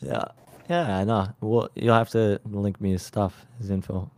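A man's voice: fairly low pitch, fairly even intonation, a little slow, gravelly, darkish tone, a little hiss or hum. A young man from Toronto, a guest rapper on a casual podcast call, easygoing and a little hesitant as he talks. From Canada, Toronto. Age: young adult. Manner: easygoing, laid-back, a bit hesitant.

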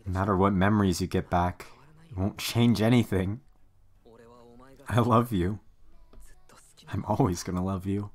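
A man's voice: low voice, fairly even intonation, measured pace, long pauses. Subaru, a stubborn devoted young man. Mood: tender. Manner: impassioned, shouting. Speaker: anime dub character. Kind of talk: anime dub acting.

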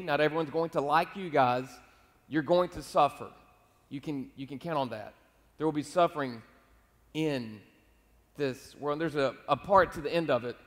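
A man preaching a sermon as pastor, telling stories conversationally and acting out his own back-and-forth with God. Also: on the high side. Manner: conversational storytelling, acts out dialogue with God. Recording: long reverb of a large hall.

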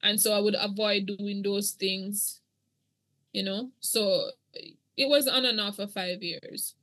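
A woman's voice: medium pitch, fairly even intonation, takes it slowly, sharp tone, dry recording. A middle-aged woman, earnestly telling her own story as a podcast guest. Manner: earnest, emotional, church-toned. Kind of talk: podcast interview testimony.

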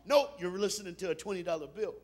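High-voiced man preaching a sermon. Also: brisk. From Tennessee. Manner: swings from soft and hushed to loud shouting; humorous storytelling with laughs. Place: church.

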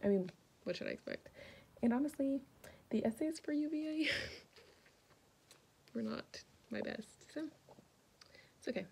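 A woman's voice: sits high, expressive, a little slow, creaky, pauses often, dark tone, slight background noise. A young woman from North Carolina talking casually in a vlog, chatty and full of "like" fillers. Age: young adult. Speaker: vlogger.

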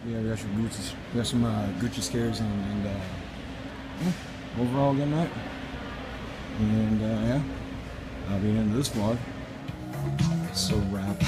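A man's voice: on the low side, rough recording. A man vlogging casually, laid-back and swearing freely. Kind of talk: casual vlog chat.

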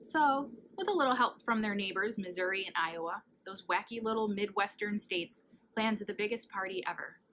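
A woman reads a children's picture book aloud in a lively, playful way, dropping now and then into hushed asides. Her voice sits at an everyday middle pitch, with a faint hiss of room noise behind it. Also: brisk, hardly any pauses, poor audio. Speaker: storybook reader.

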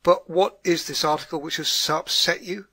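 A man's voice: on the high side, fairly even intonation, moderate pace, sharp tone, breathy edge, exaggerated voice. A man voicing a dour, skeptical older woman who grumbles and snorts at her neighbour.

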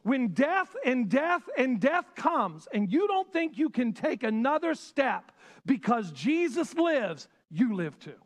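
Male pastor, impassioned sermon, very high voice, lively swooping pitch. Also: takes it slowly. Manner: impassioned preaching, swinging from loud to hushed.

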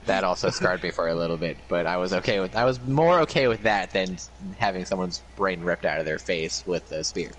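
A man chatting casually with a friend while gaming, laid-back and swearing, with deadpan replies. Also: low-pitched, a little fast, few pauses, a little hiss or hum.

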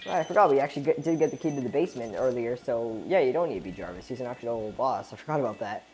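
Chatty lady gamer rambling over gameplay, super low voice, bouncy pitch. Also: lively intonation, rapid-fire, darkish tone, slight background noise. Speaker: let's play host. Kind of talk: gameplay commentary.

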